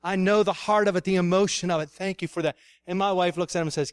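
A man's voice: high-pitched, fairly even intonation, fast talker, smooth, no room sound. A middle-aged man preaching a sermon, telling stories with laughter and ending in an emotional prayer.

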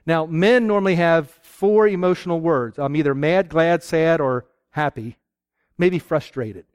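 A man preaching a sermon to a live audience, lively and acting out little exchanges between husband and wife. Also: a little high, measured pace, clean tone, no echo, clean studio sound.

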